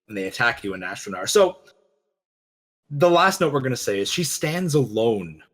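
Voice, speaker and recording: A man co-hosting a casual discussion, telling a story with lively quoted lines. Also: mid-range voice, moderate pace. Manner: animated storytelling, quoting characters. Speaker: podcast co-host.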